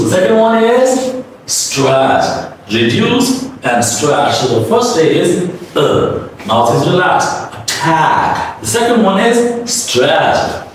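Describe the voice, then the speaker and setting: A man teaching English pronunciation, modeling words slowly and repeatedly and asking the listener to say them back. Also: a little high. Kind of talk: classroom-style pronunciation lesson. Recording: echoey room from a distance with faint background hum.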